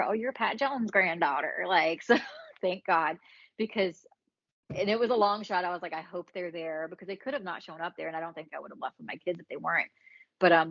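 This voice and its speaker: Low-voiced woman telling her story. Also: vocal fry, dry recording. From Alabama, US. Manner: frank, swears freely, acts out quoted dialogue. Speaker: podcast guest. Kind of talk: candid casual storytelling. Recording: dry, slightly dull sound.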